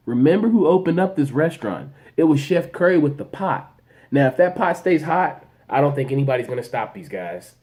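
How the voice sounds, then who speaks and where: A man hosting a sports show, giving animated, opinionated commentary and talking straight to the players. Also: fairly high pitch. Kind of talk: solo sports commentary podcast.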